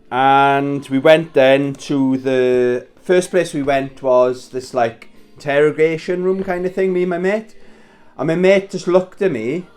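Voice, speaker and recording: A man's voice: a little high, darkish tone. A man in his thirties casually telling a story while wrapping presents, swearing and chuckling as he talks. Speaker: vlogger. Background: Christmas music playing faintly.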